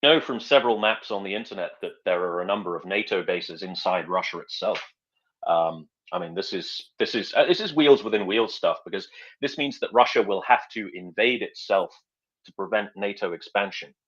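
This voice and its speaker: A man from North Wales co-hosts an online chat, delivering dry, deadpan jokes. His low voice comes through a dull, lo-fi line. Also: moderate pace. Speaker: co-host. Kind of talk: casual live audio chat.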